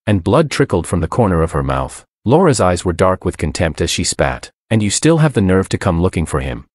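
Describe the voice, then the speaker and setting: A man narrating a first-person drama story in a measured, expressive reading. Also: low voice, no echo, clean studio sound. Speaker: audiobook narrator.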